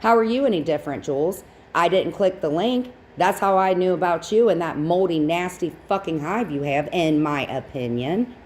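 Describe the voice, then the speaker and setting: A woman's voice: fairly low pitch, normal speed, few pauses, a little mellow, a little hiss or hum. A woman hosting a livestream, giving blunt, sarcastic, profane reaction commentary on clips. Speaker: stream host.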